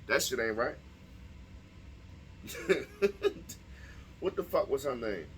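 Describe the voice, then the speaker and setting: Fired-up bright-voiced young man ranting. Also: mid-range voice, lively intonation, takes it slowly, slight background noise. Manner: profane, heated rhetorical questions. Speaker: vlogger. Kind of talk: casual opinion monologue to camera.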